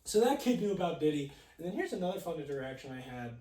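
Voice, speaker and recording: A young man co-hosting a podcast, telling stories in a casual, animated way, laughing often and swearing freely. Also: fairly high pitch, fast talker, reverberant, far from the mic. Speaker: podcast co-host. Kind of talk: casual storytelling chat.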